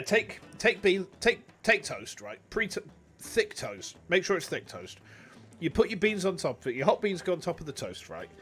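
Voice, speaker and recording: An English man streaming a video game, chatting casually in an animated, rambling, jokey way. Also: high voice.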